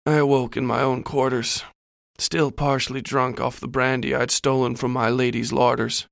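A man's voice: medium pitch, creaky, fairly bright tone, no echo, studio quality. A man reading a first-person horror story in a scripted narration style.

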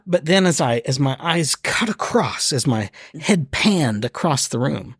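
A man co-hosting a podcast, telling a story in casual chat and acting out his own reactions with sudden high bursts. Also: lively intonation, unhurried, fairly bright tone, husky, no echo, clean studio sound. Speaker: podcast co-host.

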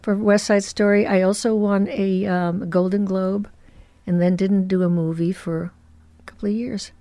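A woman in her eighties, a guest in a casual interview, telling stories expressively and dropping into soft asides. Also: medium pitch, level tone, moderate pace, no room sound. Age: 80s.

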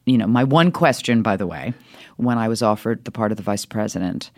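A middle-aged woman, an actress, telling animated stories in an interview, her voice leaping up with laughter and acted-out lines. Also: a little fast. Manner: lively, swings high with laughter and voices. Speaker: actress guest.

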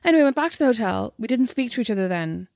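A young Irish woman telling a story in casual chat, animated and swearing freely. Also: a little high, rapid-fire, creaky, no echo, clean studio sound. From Ireland.

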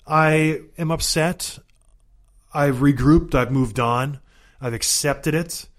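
A man in his thirties, a former hockey player, hosting a podcast in a casual, animated, joking way. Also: a little high, slow pace. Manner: animated, joking, self-mocking hype.

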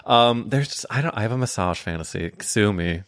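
A man's voice: on the low side, lively intonation, brisk, fairly bright tone, dry recording, clean studio sound. A man hosting a podcast in casual, playful chat, often laughing and acting out little scenes. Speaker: podcast host.

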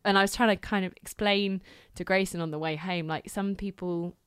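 A woman's voice: medium pitch, steady tone, brisk, clear, resonant tone, no echo, clean studio sound. A woman in her thirties, co-hosting a podcast and telling stories in a chatty way with lots of fillers. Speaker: podcast co-host. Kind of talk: casual chat.

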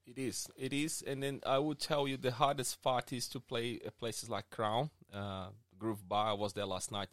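A man who works as a DJ speaks earnestly in a mid-pitched voice, with frequent hesitations as he explains. The sound is dry and close-miked. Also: little pitch movement, moderate pace, few pauses, no room sound. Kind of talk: casual podcast chat.

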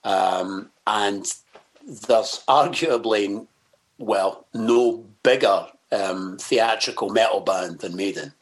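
A man's voice: on the low side, takes it slowly. Scottish man, guest, casual rambling chat, hesitant, sweary. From Scotland. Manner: rambling, hesitant, many fillers and restarts; swears freely, self-mocking.

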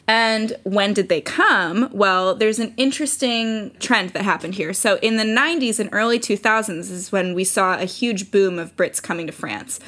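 An American woman on a podcast, walking listeners through statistics in a measured, informative tone. She sounds young and speaks at an even, middle pitch. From United States. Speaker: podcast co-host. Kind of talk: podcast discussion, presenting figures.

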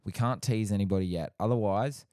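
Young man, very low voice, podcast co-host, wry teasing chat, dry close sound. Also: a little fast, dark tone, no echo.

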